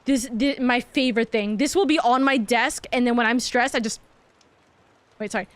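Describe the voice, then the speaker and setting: A woman's voice: fairly high pitch, moderate pace, no echo. A young woman streaming to her viewers, chatting casually and gushing, often repeating herself. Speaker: VTuber streamer. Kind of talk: casual chat to livestream viewers.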